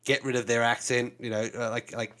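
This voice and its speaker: A man's voice: medium pitch, little pitch movement, fairly quick, a bit bright. A man co-hosting a casual podcast chat, explaining things at length and leaning on fillers like "you know". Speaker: co-host.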